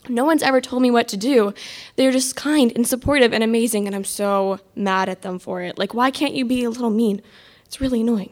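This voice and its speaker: A woman's voice: fairly high pitch, brisk. A teenage girl telling a personal story in an exasperated, sarcastic, self-mocking way. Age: mid-teens.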